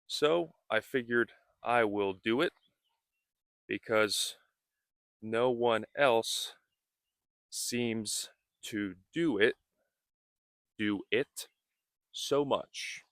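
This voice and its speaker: Very slow, careful male English teacher. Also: medium pitch, fairly bright tone, no room sound, clean studio sound. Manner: repeats words and defines them, very slow and careful. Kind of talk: slow, deliberate English lesson.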